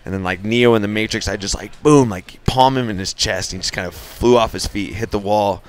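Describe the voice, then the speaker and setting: Male radio guest, relaxed storyteller, low-pitched. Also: brisk. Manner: laid-back, filler-heavy storytelling. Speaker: guest fighter. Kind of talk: casual storytelling.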